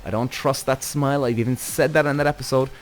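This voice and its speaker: A man hosting a podcast, giving casual, rambling commentary on a TV series, animated and swearing often. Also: mid-range voice, fast, soft background music. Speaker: podcast host.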